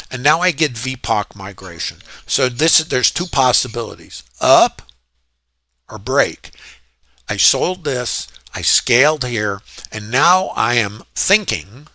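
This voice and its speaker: A man's voice: medium pitch, pushed and bright, no echo. A man walking through his trades in a casual, rambling lesson, often asking rhetorical questions. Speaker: trading educator. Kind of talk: screen-share trading lesson.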